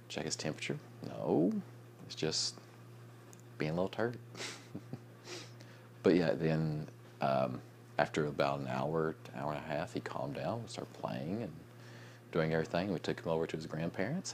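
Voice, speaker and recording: A young man chatting casually in a late-night vlog, sleepy and yawning, rambling with restarts and soft chuckles. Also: very deep voice, a little hiss or hum. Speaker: vlogger.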